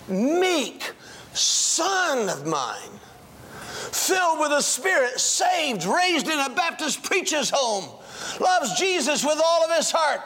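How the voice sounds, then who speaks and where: An older male pastor preaching a sermon to a congregation, telling a personal story and acting out the dialogue, swinging from hushed tones to shouting. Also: extremely high pitch. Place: church, before a congregation.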